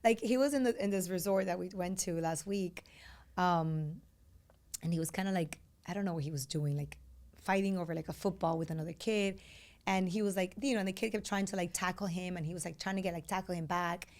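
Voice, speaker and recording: A woman's voice: lowish voice, brisk, darkish tone. A woman in her thirties from Latin America, co-hosting a podcast, telling stories animatedly with many fillers and quoted voices. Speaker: podcast co-host. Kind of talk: casual chat.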